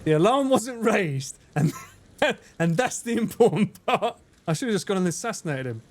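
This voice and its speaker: A man giving casual gaming stream commentary, swearing, laughing and breaking into sudden loud yelps. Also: high voice, big pitch swings, normal speed, a little hiss or hum. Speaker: livestreamer.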